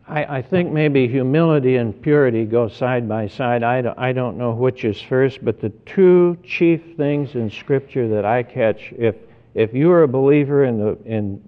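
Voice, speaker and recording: A man preaching a sermon in an earnest, deliberate way, often repeating words as he stresses each point. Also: medium pitch. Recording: tinny phone-like sermon recording.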